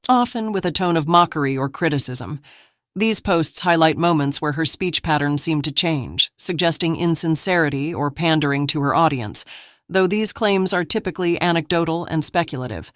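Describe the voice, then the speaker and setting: A woman reading scripted narration for a commentary video in a measured, even manner. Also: low voice, dry recording, clean studio sound.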